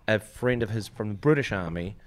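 A man's voice: on the low side, lively intonation, fairly quick, slight background noise. A middle-aged man with a New Zealand accent, chatting casually as a host and telling anecdotes with easy fillers. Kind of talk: casual chat.

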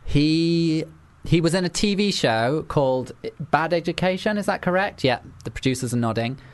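A woman's voice: low voice, expressive, moderate pace. Giggly woman hosting a chat. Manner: giggly, rambling, repeats words. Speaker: podcast host. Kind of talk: casual chat.

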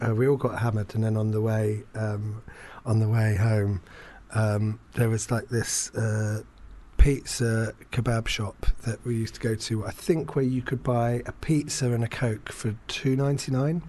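A man's voice: fairly low pitch, darkish tone. A man, telling a rambling, self-deprecating story in casual chat, full of fillers and restarts. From England.

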